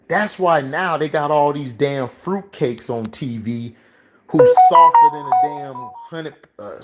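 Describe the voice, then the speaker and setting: Man, mid pitch, unhurried, salty and chuckling, off-the-cuff monologue. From St. Petersburg, Florida. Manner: loose and profane, laughs between remarks. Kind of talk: casual monologue.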